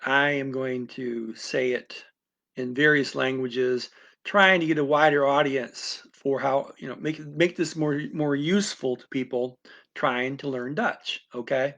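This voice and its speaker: A man's voice: medium pitch, measured pace, fairly bright tone. Rambling man explaining a learning method. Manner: rambling, with frequent restarts and asides. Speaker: language teacher. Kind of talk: unscripted explanatory talk.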